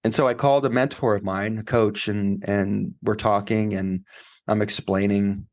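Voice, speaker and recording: Brief: male interview guest, lowish voice, heartfelt and emotional personal storytelling. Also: moderate pace. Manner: heartfelt, emotional, animated when retelling. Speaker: guest, grief coach and author.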